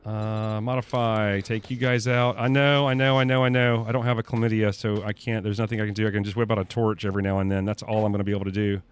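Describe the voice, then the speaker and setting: Streaming a survival game with faint music behind him, the young man swears, panics, and addresses his chat. This time his voice sits on the low side, smooth and fast with few pauses and little pitch movement.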